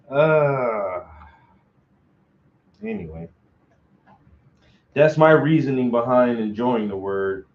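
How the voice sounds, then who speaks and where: A man's voice: mid-range voice, lively intonation, slow, creaky, pauses often, a little mellow. A man painting on a long live stream, chatting casually in a loose, slangy, joking way. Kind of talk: casual chat while painting. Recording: roomy, dull lo-fi sound.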